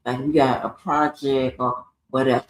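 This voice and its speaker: A woman's voice: extremely low pitch, flat delivery, normal speed. A woman hosting a live stream, ranting in a profane, confrontational monologue. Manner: profane, confrontational, swears heavily. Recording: roomy echoey room.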